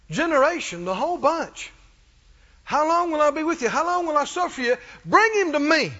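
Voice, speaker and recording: A man's voice: very high voice, big pitch swings, moderate pace, sharp tone. A man preaching a sermon with emphatic delivery, reading scripture and acting out quoted voices. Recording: muffled hall recording.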